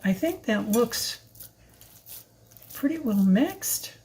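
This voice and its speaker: A woman's voice: fairly high pitch, very animated, takes it slowly, background noise. Chatty older woman cooking at home. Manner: chatty, rambling, with fillers and asides. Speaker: home cook filming a recipe video. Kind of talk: casual cooking demonstration. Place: home kitchen.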